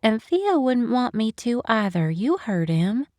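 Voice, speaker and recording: A woman's voice: a little high, sing-song, measured pace, darkish tone, no room sound, studio quality, pitched above the performer's own voice. A woman voicing a doting, protective older matchmaker with a coaxing, affectionate manner, in an audiobook. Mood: consoling. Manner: coaxing, affectionate, calls everyone darling. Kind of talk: audiobook narration.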